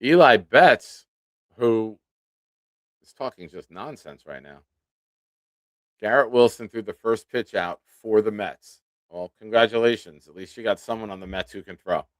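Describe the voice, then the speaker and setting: With a lowish voice and a slightly slow pace, a podcast host in his forties runs a live sports show, nursing a swollen tooth as he chats casually with viewers. He comes across as relaxed, chatty and self-deprecating in this live-stream, with no room sound.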